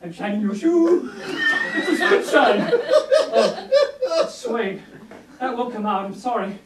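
A man's voice: extremely high pitch, sing-song, slow, over a noisy crowd, heavily acted. An actor on a live stage playing a grief-stricken, talkative male mime who tells his story in a theatrical, overwrought way. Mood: pleading. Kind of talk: live sketch comedy performance. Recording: echoey live stage audio from far off, loud music and audience laughter.

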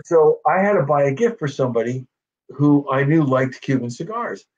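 A middle-aged man spins lively personal stories in a relaxed interview, slipping into the voices of the people he quotes. His voice sits fairly high for a man, and the recording sounds dull and lo-fi. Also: moderate pace. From North Jersey. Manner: animated anecdotes, acts out quoted voices, frequent "you know". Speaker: actor guest. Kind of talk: casual storytelling interview. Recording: dull lo-fi audio.

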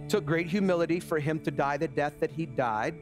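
High-voiced, animated man preaching over music. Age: 40s. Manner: animated storytelling that drops to a quiet, slow, earnest close. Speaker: pastor. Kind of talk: sermon.

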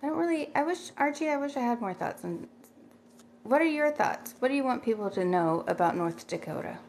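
A woman's voice: on the high side, animated, fairly quick, creaky, darkish tone, a little hiss or hum. A middle-aged woman chatting casually on a livestream, rambling and thanking viewers by name as she reads their comments.

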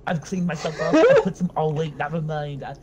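A man's voice: a little high, sing-song, brisk, over a noisy crowd, poor audio. A young man joking around and giggling through casual gameplay chat. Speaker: gaming co-player.

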